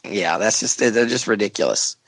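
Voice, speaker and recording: A man's voice: on the low side, fairly bright tone, slightly rough, no echo. Laughing man telling a crime story. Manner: jokey, laughs often, halting with restarts. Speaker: podcast host. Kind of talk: casual storytelling of a true crime case.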